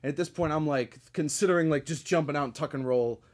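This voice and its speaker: A man's voice: fairly high pitch, quick pace. Rambling, profane podcast host, a man. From Connecticut. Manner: profane, rambling, with frequent fillers and laughs. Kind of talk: casual storytelling monologue.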